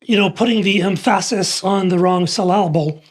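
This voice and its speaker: A male co-host and songwriter with a fairly high voice. He talks in a rambling, playful way, circling his questions with fillers before landing them. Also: normal speed. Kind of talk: conversational interview.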